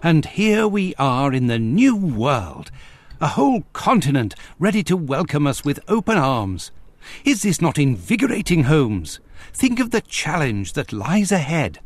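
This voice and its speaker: A proper, eager English gentleman from a detective game. His speech is formal and upbeat, with a lively, rising and falling delivery. The voice sits a little high for a man. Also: unhurried, no room sound. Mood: enthusiastic. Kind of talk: game voice acting.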